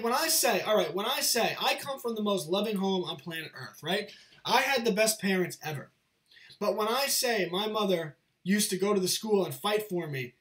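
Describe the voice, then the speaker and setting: Earnest high-voiced man lecturing. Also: a bit bright. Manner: earnest, repeats himself, lecturing. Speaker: channel host. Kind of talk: casual monologue to camera.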